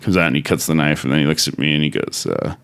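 A man's voice: extremely low pitch, quick pace, creaky, fairly bright tone, clean tone. A man from South Dakota telling stories as a studio guest, rambling and leaning heavily on fillers like "uh" and "like.". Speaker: podcast guest. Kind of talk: casual storytelling.

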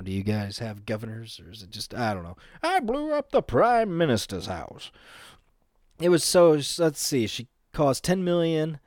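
A man's voice: a little high, no echo, clean studio sound. A man talking casually and crudely, rambling and laughing often.

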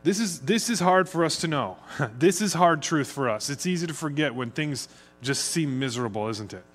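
Casual talky pastor guy preaching, bit higher voice, loose and chatty. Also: moderate pace. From United States. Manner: conversational, chatty, speeds up when excited. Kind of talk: sermon.

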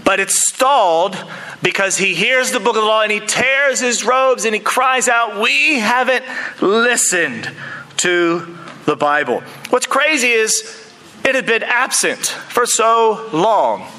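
A male preacher delivering a lively sermon in a church, mixing earnest points with joking asides to the congregation. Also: sits high, measured pace, rough recording.

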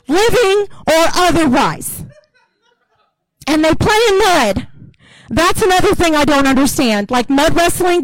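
A woman's voice: high-pitched, no room sound, low-quality recording. A woman pastor preaching a sermon in a casual, humorous storytelling way.

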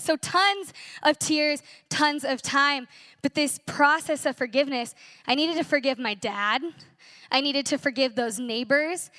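A woman's voice: sits high, pushed and bright, dry recording, clean studio sound. A young woman in her twenties sharing an earnest, emotional personal testimony at a church conference, telling her story with animation.

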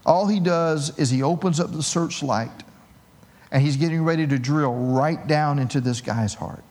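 A man's voice: on the high side, normal speed, darkish tone. A male pastor preaching a sermon, telling the story with humor. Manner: storytelling, humorous, acts out voices.

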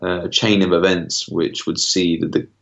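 Deep-voiced male podcast co-host, dull sound. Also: flat delivery, normal speed, vocal fry, a bit bright. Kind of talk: casual discussion.

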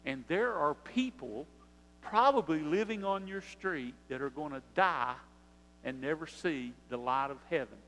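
Older male pastor, high-pitched sermon voice, long hall reverb. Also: fairly bright tone, a little hiss or hum. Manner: preaching with rising emphasis and repetition.

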